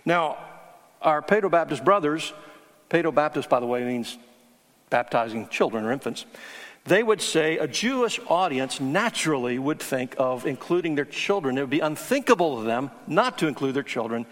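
Earnest preacher in a reverberant hall. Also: male voice, on the high side, lively intonation, moderate pace, a bit bright. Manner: earnest teaching, emphatic on key words. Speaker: pastor. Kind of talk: sermon.

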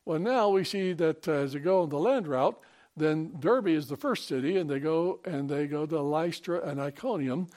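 A man preaching a sermon, reading scripture and praying, in an earnest, halting way with many pauses and restarts. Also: fairly high pitch, darkish tone. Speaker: pastor. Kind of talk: sermon with Bible reading and prayer.

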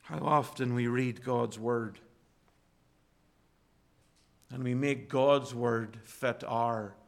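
A man preaching a sermon slowly, building to fervent emphasis. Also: medium pitch, steady tone, creaky. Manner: slow, rising to fervent emphasis.

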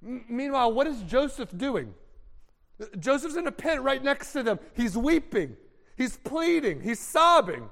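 A man's voice: extremely high pitch, sing-song, measured pace, creaky, a bit bright. A man preaching a dramatic sermon, telling the story vividly and acting out the characters' voices. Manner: acts out scenes with voices for the characters. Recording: long hall reverb.

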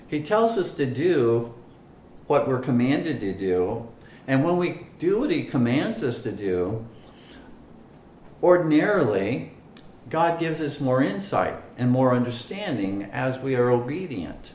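A man teaching a Bible study, slow and deliberate, with many fillers and stress on single words. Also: mid-range voice, animated, a little mellow, echoey room, slight background noise, poor audio.

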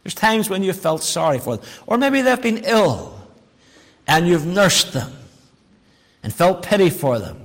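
A high-voiced middle-aged man delivers a sermon, mixing folksy jokes with quiet asides. He rises to emphatic, raised calls when driving a point home. His voice rings with the long reverb of a large hall. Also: big pitch swings, a little slow. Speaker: preacher.

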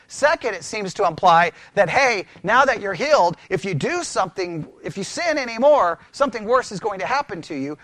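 Man, very high voice, lively pitch, dry close sound, conversational Bible teaching, rhetorical questions. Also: no echo. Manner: animated, asks many rhetorical questions. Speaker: pastor teaching.

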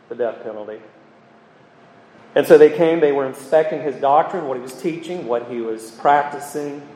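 A man delivers an expository sermon in an earnest, emphatic way, his voice a little higher than most. He pauses now and then with ums. The sound rings with a long reverb, as if picked up in a large hall. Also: dark tone. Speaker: preacher.

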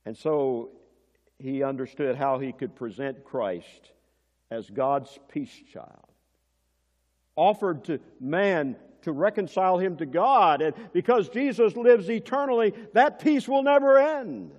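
A male preacher with a slightly high voice gives a slow sermon, alternating between loud emphasis and hushed passages while quizzing the congregation like a teacher. The audio sounds dull and carries a long church reverb.

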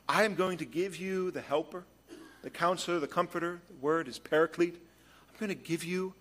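A man preaching a sermon as pastor, moving between hushed storytelling and emphatic points. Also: on the high side.

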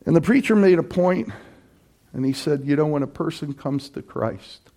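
A man preaching a sermon as pastor, impassioned and emphatic, building to loud repeated cries. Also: on the high side, moderate pace.

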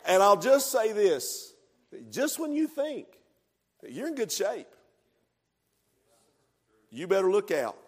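A man's voice: sits high, very animated, takes it slowly, long pauses, breathy edge. Man, pastor, sermon, fervent emphatic delivery, church hall echo. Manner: preaching with rising fervor, builds to loud emphatic passages. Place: church sanctuary. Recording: long echoing reverb of a church hall.

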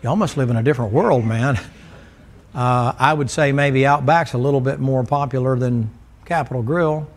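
Mid-range in pitch and moderate in pace, a man preaches a folksy, joking sermon to a church congregation. His style is that of a storyteller who teases his listeners.

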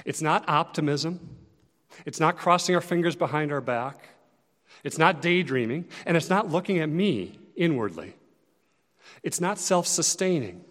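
A man preaching a sermon as pastor, earnest and conversational, rising and dropping in loudness to press his points. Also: a little high, lively intonation, a little slow, in a large hall.

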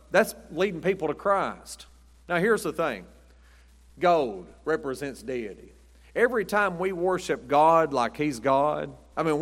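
A man preaching a sermon in a folksy, conversational way with acted asides, recorded in a church sanctuary. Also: mid-range voice. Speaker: pastor. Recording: long hall reverb.

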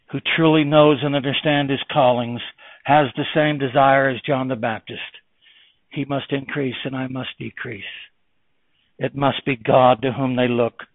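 A man preaching a sermon with impassioned delivery that swings between loud emphasis and hushed tones. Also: medium pitch, dry recording. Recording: tinny phone-like, dry.

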